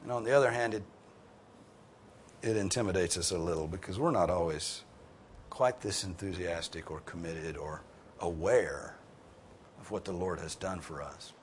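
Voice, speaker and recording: A male pastor teaching scripture to a class in a lowish voice. He is earnest and emphatic, and he climbs in pitch and volume when he wants a point to land. A faint hiss sits under the recording. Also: normal speed. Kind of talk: sermon with group discussion.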